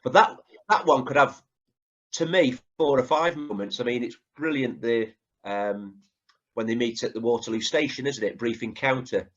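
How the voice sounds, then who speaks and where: A man's voice: medium pitch, normal speed, lo-fi sound. A man co-hosting a podcast in casual chat, chatty and fond of tag questions as he retells scenes. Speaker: podcast co-host.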